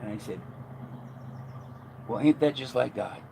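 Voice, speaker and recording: A man's voice: mid-range voice, a little slow, gravelly, dark tone. Guy rambling thru a long story, lots of restarts, noisy outdoor phone audio. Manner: rambling, self-interrupting, restarts often. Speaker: author telling a story. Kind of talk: casual storytelling chat.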